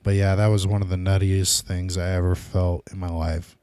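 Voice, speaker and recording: Deep-voiced man rambling on his podcast. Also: flat delivery, normal speed, mellow, no room sound. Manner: rambling, loose and casual. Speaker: podcast host. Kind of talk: casual solo podcast monologue.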